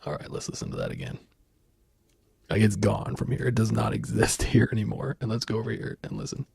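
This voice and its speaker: Soft-spoken male tutorial host, gravelly and raspy, casual, dry close sound. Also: lowish voice, wildly swooping pitch, a little fast, no echo. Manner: casual, thinking aloud while clicking through software. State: sore voice.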